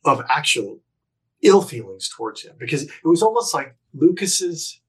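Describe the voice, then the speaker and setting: A middle-aged man, a podcast guest, telling a personal story candidly and earnestly, often restarting his sentences and moving between emphatic bursts and hushed phrases. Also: on the high side, very animated, normal speed, husky, poor audio. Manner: reflective, earnest, with frequent restarts and self-corrections.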